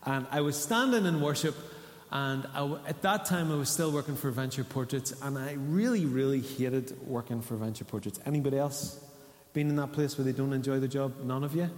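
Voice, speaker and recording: A man's voice: mid-range voice, a little fast, darkish tone. A man, preaching a sermon in a conversational way and asking the congregation questions. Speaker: pastor. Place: church hall. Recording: echoey church hall.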